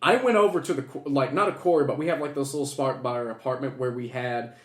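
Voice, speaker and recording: A man's voice: mid-range voice, quick pace. A young man telling a long, swear-filled anecdote in a casual chat and acting out the voices in it. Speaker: co-host. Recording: echoey room.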